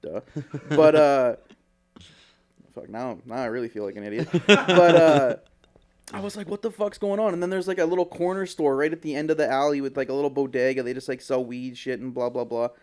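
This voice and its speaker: A man co-hosting a podcast narrates a story a bit fast in a mid-range voice, staying animated, swearing freely, and voicing what others said in casual chat.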